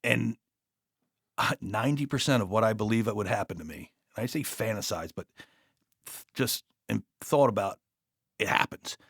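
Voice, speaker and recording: A man with a New York accent, a police officer telling his story as a guest in a blunt, profane, animated way. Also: fairly low pitch, normal speed, creaky, long pauses, breathy edge, no echo, clean studio sound.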